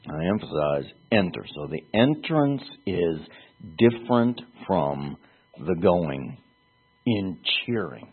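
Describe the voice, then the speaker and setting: A man delivers a sermon at an unhurried, deliberate pace, circling back on words to stress them. His low voice is husky, and it comes through thin and tinny, as if over a phone. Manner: earnest, halting, repeats words for emphasis. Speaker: preacher.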